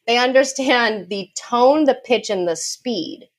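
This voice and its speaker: A woman's voice: fairly high pitch, expressive. Confident woman explaining dog behavior. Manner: confident, explanatory, quick asides with light laughs. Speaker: dog behavior consultant guest. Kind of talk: podcast interview, explaining.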